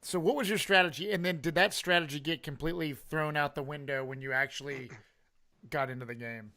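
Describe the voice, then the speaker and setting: A man's voice: fairly high pitch, a little fast, pushed and bright. A man co-hosting a podcast, asking questions in a laid-back way and swearing casually. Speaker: podcast co-host.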